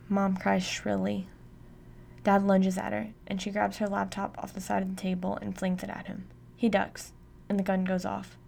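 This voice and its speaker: Woman narrating with a gravelly voice. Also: mid-range voice, darkish tone, slight background noise. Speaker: audiobook narrator. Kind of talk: first-person audiobook narration.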